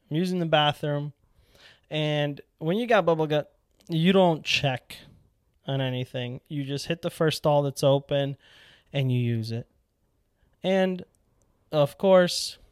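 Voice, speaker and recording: A young man telling a casual, animated story as a powerlifting vlogger, acting out his own past lines with sudden excited jumps in voice. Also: clean tone, dry recording, studio quality. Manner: animated, quotes himself in excited high voice.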